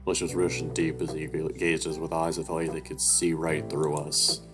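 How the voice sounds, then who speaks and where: A man's voice: extremely low pitch, level tone, moderate pace. A man reading a visual novel aloud as a let's-play narrator, in a loose, profane way with asides and stumbles. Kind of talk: casual read-through narration. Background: music.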